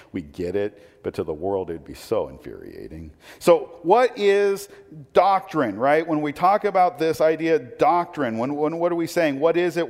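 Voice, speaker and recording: A man's voice: mid-range voice, darkish tone. Man preaching in a reverberant hall. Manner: conversational preaching with rhetorical questions. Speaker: pastor. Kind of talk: sermon.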